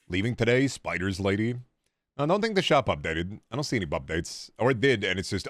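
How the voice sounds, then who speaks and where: A man's voice: fairly low pitch, very animated, brisk, no echo. Streamer guy joking around sarcastic while gaming, bouncy voice, dry mic. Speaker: game streamer. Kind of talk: casual gaming commentary.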